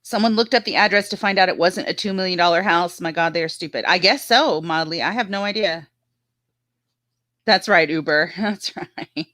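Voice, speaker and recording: A woman's voice: fairly low pitch, moderate pace, a bit bright, dry recording. A woman chatting casually on a live stream, laughing often and telling stories about her dog.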